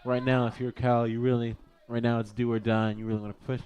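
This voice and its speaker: A young man giving relaxed color commentary on a college soccer game, easily amused by his partner. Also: medium pitch, fast. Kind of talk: live sports commentary.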